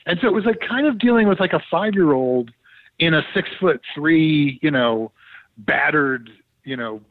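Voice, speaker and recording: A man, a TV producer and podcast guest, telling stories in a casual, animated way and acting out what others said. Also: on the high side, normal speed, dry recording, phone-quality sound. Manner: animated storyteller who acts out quotes. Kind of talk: casual anecdotal storytelling.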